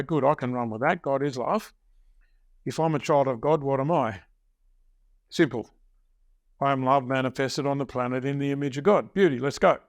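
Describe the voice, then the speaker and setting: An older man in his sixties speaks as a coach on a podcast, slowing down to stress his key phrases like a teacher. His voice sits a little high for a man. The sound is close and dry. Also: gravelly, no room sound. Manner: deliberate, emphatic teacherly delivery with slowed key phrases. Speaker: success coach guest. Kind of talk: podcast interview storytelling.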